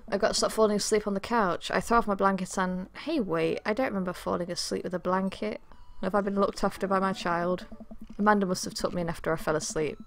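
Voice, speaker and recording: A woman streamer playing a dating game, reading the story aloud and reacting with quick laughs and chatty asides. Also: mid-range voice, gravelly, slight background noise. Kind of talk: let's play commentary with read-aloud game text.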